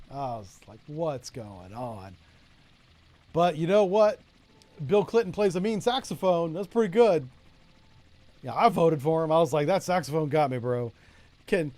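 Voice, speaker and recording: Commentating casually on a naval strategy game, this middle-aged Floridian streamer talks to chat, cracking jokes in asides. He has a Florida accent and a voice that sits high and sounds a little mellow.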